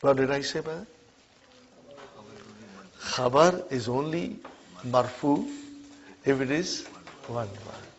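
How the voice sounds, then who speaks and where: A man's voice: medium pitch, expressive, takes it slowly, pauses often, slight background noise. A man teaching Arabic to a class, drilling call-and-response phrases and often checking that students are following. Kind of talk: classroom lesson. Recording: muffled lo-fi classroom recording.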